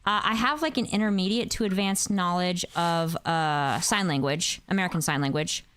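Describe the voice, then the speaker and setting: A woman's voice: on the low side, normal speed, fairly bright tone, slight background noise. A young woman chatting casually on a gameplay stream, rambling and answering her chat, with faint music behind her.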